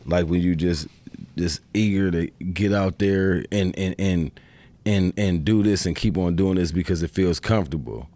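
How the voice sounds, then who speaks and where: Low-voiced man, rambling casual talk. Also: moderate pace, mellow, no echo. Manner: rambling, repeats "you know what I'm saying". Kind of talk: casual chat.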